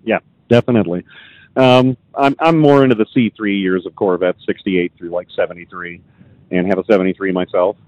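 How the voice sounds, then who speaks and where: A man speaking as a car club guest on a radio show, relaxed and plain-spoken. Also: sits low, fairly quick, no echo, lo-fi sound. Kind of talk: casual radio chat.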